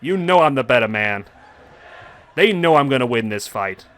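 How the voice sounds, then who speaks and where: A man voicing a tough male wrestler with a put-on Scottish accent, gruff and blunt, taunting for a fight. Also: mid-range voice, expressive, normal speed, a bit bright, lightly acted. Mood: challenging. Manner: challenging, taunting, calls for a fistfight.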